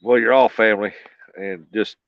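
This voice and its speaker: A man's voice: on the low side, fairly even intonation, normal speed, gravelly, dry recording. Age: adult. Sex: man. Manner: folksy, laid-back, chuckling. Sound: dull and dry. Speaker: livestream host. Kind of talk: casual livestream chat while fishing. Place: outdoors beside a flooded river levee.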